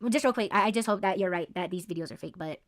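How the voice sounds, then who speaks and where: A woman's voice: on the low side, fast. A woman co-hosting a podcast, telling stories in casual chat, full of swearing and filler words. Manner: animated storytelling, heavy swearing and "like" fillers. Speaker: podcast co-host.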